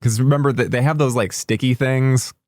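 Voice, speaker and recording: A man's voice: medium pitch, steady tone, a little fast, a little mellow, dry recording, studio quality. A man co-hosting a podcast, chatting casually about a movie, rambling and swearing now and then. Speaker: podcast co-host.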